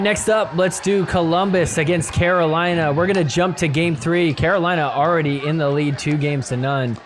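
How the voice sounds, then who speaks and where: A man hosting a podcast, recapping sports clips in a casual, joking way and laughing often. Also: on the high side. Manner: laughs often, acts out players' thoughts in quick asides. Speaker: podcast host.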